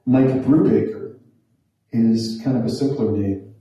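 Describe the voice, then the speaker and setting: A man in his forties tells a stand-up story in a wry, self-deprecating, conversational way. His voice is deep-toned and mellow. The mic sits some way off, in a very echoey room. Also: a little slow, recorded from a distance. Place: small theatre room.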